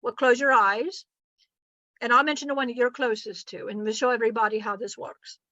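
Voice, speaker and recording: Chatty woman, bright muffled voice. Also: on the high side, fast talker, no room sound. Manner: rambling, chatty, laughs often. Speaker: spiritual channeler and teacher. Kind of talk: casual spiritual teaching. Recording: muffled lo-fi recording.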